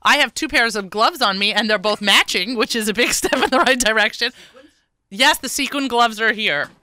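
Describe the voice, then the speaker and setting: A woman hosting a live radio talk show, chatting and joking playfully with quick asides and frequent laughter. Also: fairly high pitch, pushed and bright.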